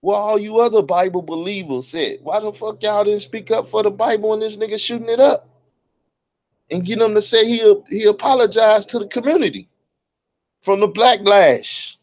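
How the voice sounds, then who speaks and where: A man's voice: high voice, moderate pace. A man, talking bluntly and profanely in a casual monologue, often stumbling over his words. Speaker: online commentator.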